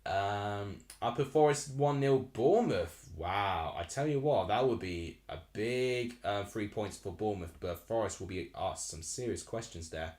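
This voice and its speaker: A man's voice: on the low side, measured pace, hardly any pauses, a little mellow, reverberant. A young man from Essex in his twenties, hosting a live football watchalong and chatting in a rambling way as he reacts aloud to the match. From Essex, England. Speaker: live stream host.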